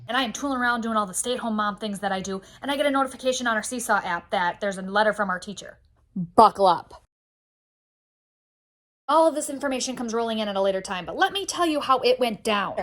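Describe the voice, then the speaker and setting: A woman in her thirties tells a family story to the camera with a dramatic, wry delivery. Her voice sits high and her words tumble out quickly. She sounds like a stay-at-home mom who loves a good buildup. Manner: lively, dramatic, wry comic timing. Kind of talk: animated storytelling vlog.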